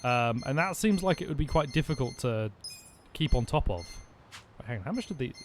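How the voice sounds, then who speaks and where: A man's voice: mid-range voice, animated, fairly quick, a little hiss or hum. A man streaming a video game, chatting casually and rambling through jokey asides as he plays. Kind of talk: casual gameplay commentary.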